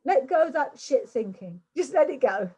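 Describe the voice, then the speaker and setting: A woman's voice: high voice, big pitch swings, normal speed, mellow, husky, rough recording. An older woman from England giving a chatty online workshop talk over a video call, often repeating words and restarting. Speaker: workshop speaker.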